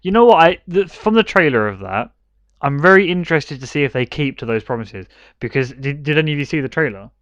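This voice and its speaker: A man co-hosting a podcast in casual chat, talking haltingly with many restarts and agreeing often. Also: on the high side, expressive, fairly bright tone, no echo. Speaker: podcast co-host. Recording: dull lo-fi sound.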